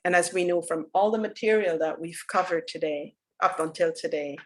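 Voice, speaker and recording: A woman giving a dharma talk as a spiritual teacher, telling a story in an earnest, unhurried way that drops soft for solemn moments. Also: on the low side, low-quality recording.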